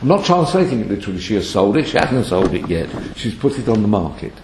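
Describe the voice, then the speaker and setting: A man teaches a scripture class in a roomy hall, his pitch rising and falling freely as he reads Hebrew lines and explains them in English. Faint noise sits under the echo. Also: sing-song, fast. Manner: reads Hebrew verses then translates and explains. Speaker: Bible lecturer. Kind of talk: scripture study lecture.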